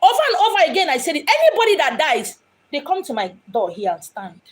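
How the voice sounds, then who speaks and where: Animated Nigerian woman with a high voice. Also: quick pace. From Abia State, Nigeria. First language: Igbo. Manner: dramatic, acts out quoted voices. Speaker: spiritual medium. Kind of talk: impassioned monologue. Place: home in Lagos.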